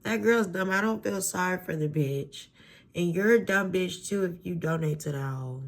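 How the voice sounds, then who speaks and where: At home with face cream on, a woman vlogger rants in a casual commentary video recorded on her phone. She's blunt, profane and exasperated, using lots of fillers, in a fairly low, creaky voice at a moderate pace.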